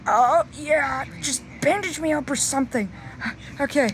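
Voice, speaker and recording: A woman acting out a plush toy story, switching between many character voices with excited shouted sound effects. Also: high voice, a little slow, a little hiss or hum. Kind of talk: playful toy role-play narration.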